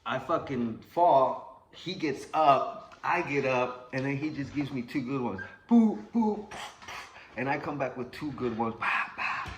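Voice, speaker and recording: A man's voice: mid-range voice, moderate pace, slight background noise. A man telling a story from his school days in a casual, rambling way, swearing a lot and acting out the sounds.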